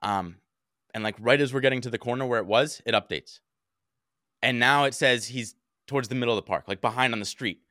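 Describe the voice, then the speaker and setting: A young man co-hosting a podcast, telling a story in casual chat, animated and swearing often as he acts out what people said. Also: medium pitch, fairly quick, no echo, clean studio sound. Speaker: podcast co-host.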